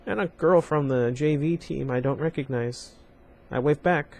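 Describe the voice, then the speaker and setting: A man reads a novel aloud in plain fashion, breaking off now and then for chatty asides to viewers in a casual read-along. His voice is a little high, a little mellow and creaky, at normal speed.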